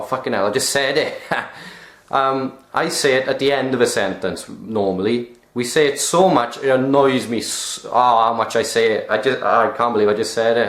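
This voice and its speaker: A young man with a Welsh accent explains local words with a dry, joking edge. His voice sits at an ordinary pitch for a man, and the room around him rings with a noticeable echo. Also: fairly bright tone. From Wales. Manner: wry, jokey asides. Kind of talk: casual chat. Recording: roomy echo.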